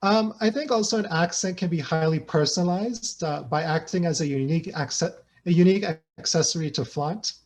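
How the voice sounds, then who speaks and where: A man's voice: on the high side, fairly quick. A man giving an academic presentation over a video call, conversational, with hesitations and frequent "right?" tags. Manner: thinks aloud with hesitations. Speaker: guest researcher presenting.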